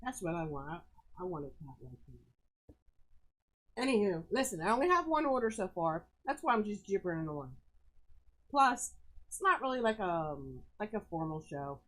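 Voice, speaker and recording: Chatty, excitable woman rambling on a live stream. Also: moderate pace, low-quality recording. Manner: chatty, rambling, excitable with big pitch jumps. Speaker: host of a live sales stream. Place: rural home.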